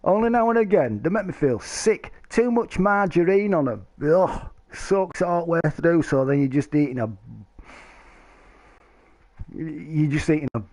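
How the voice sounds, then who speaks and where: A middle-aged man, chatting on a live stream. His voice sits a little high and swings up and down a lot as he rambles, jokes and laughs. The sound is dry and close. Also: lively intonation, moderate pace, darkish tone, no echo. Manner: rambling, jokey, laughs often. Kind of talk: casual chat to stream viewers.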